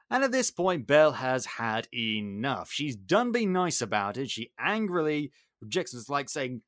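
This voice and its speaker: A man's voice: mid-range voice, very animated, moderate pace, a bit bright, no echo, studio quality. A man hosting a casual podcast, animatedly retelling a film plot and acting out its characters. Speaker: podcast host.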